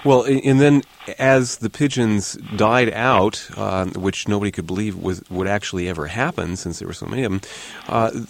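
A man hosting a radio interview, asking questions in a halting way with many restarts. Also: on the low side, gravelly, a little hiss or hum. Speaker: interviewer host.

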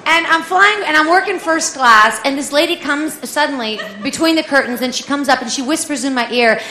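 High, bright-voiced woman telling a comic story. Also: fairly quick, few pauses, a little hiss or hum. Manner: lively, animated, acts out voices of others. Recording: echoey room with faint ambience.

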